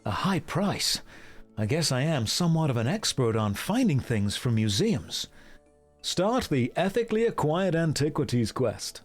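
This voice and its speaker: Man, game streamer, casual live commentary, wry rambling asides, slightly high voice, animated pitch. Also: unhurried, soft background music.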